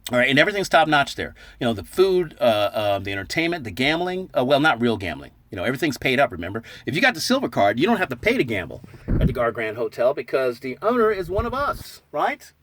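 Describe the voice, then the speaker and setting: Animated man telling a jokey story. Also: mid-range voice, fast talker, slight background noise. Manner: jokey, animated, acts out lines of dialogue with laughs. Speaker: silver stacking channel host. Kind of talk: casual storytelling vlog.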